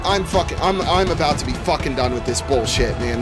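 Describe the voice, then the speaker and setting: Lively-pitched cursing male game streamer. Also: brisk, hardly any pauses, over music. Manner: swears a lot, frustrated rants. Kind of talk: live gameplay commentary.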